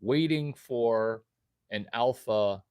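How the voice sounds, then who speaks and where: A man with a medium-pitched, darkish, smooth voice speaks slowly in a direct-to-camera vlog, rambling to his viewers. He quizzes them erratically and hops from one topic to the next. The recording is studio quality with no echo.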